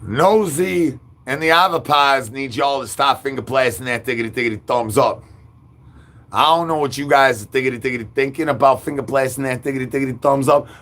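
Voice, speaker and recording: A man's voice: medium pitch, fairly bright tone. A man, rambling through an absurd monologue with sing-song rhyming babble and nonsense words. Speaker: livestream host.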